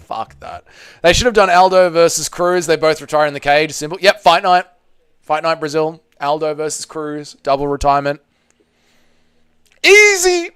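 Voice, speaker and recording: A man hosting a live fight watch party, giving blunt, excitable casual commentary, swearing freely and reading chat. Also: fairly high pitch, clean tone, dry recording.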